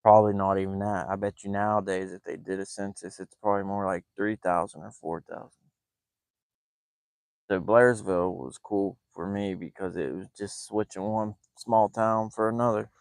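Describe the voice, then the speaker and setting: A rambling, amused man who drifts from story to story and laughs often. His voice sits on the low side, recorded close and dry with no room sound. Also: fairly even intonation, normal speed, vocal fry, a little mellow, no room sound. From West Virginia and Ohio. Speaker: fishing vlogger. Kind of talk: casual storytelling.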